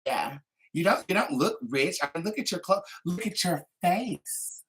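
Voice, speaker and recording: A tarot reader hosts a live stream, chatting between readings in a sassy, gossipy way. Her voice is on the low side, with lively intonation and a moderate pace.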